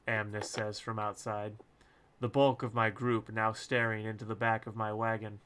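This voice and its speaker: A man's voice: on the low side, flat delivery, moderate pace, fairly bright tone, clean tone. A man reading his own novel aloud on a live stream, casual and crude with joking asides.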